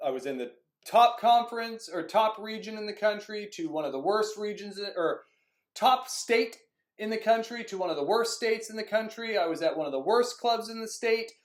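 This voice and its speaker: A man's voice: sits high, normal speed. A man who coaches youth soccer, talking casually and acting out past conversations. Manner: animated storytelling, acts out conversations; frequent "like" fillers. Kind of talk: casual monologue. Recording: echoey room.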